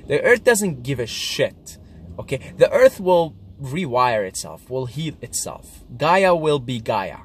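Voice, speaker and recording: A man in a casual confessional monologue, earnest and repetitive, swinging between hushed and emphatic delivery and often tagging on "right?" and "okay?". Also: mid-range voice, sing-song, slow pace, breathy edge. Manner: frequent fillers like "right?" and "okay?". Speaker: vlogger recounting a psychedelic trip.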